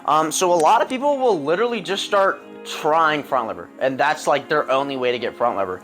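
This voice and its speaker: Casual young man, slightly high voice. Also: expressive, brisk, a bit bright, faint music behind. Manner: rambling, many ums and throat clears. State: a little out of breath. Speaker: calisthenics coach. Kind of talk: casual fitness tutorial. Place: home with a pull-up bar.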